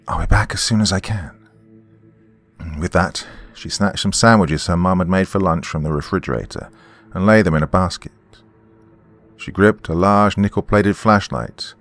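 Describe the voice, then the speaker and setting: A man narrating a scripted horror story in a measured, dramatic way as podcast host. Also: sits low, fairly bright tone.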